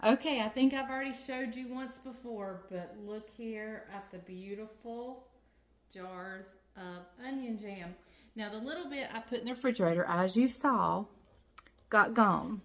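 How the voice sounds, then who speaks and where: A woman's voice: fairly high pitch, measured pace, fairly bright tone. A woman with a Southern US accent hosting a casual home cooking vlog from her kitchen, chatty and folksy, laughing often. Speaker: cooking channel host.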